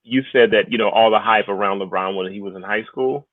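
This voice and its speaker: A man in his thirties co-hosting a podcast, chatting casually about sports with animated, exclamatory reactions. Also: fairly low pitch, brisk, no echo. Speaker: podcast co-host. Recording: tinny phone-like line.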